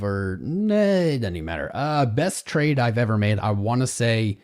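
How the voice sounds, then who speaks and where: A man's voice: medium pitch, big pitch swings, normal speed, a little mellow. A man hosting a live crypto trading stream, chatting casually and greeting viewers by name as he reads the charts. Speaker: crypto trading livestream host.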